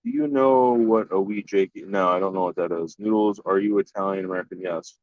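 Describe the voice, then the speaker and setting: A man with a lowish voice chats casually on his stream and swears without a second thought. He restarts his sentences often and keeps talking bluntly to his viewers. The sound is dull and lo-fi, in a dry, dead room. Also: fairly even intonation, fairly quick, no echo. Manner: blunt and profane, with frequent restarts. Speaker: live-stream host answering chat. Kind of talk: casual chat.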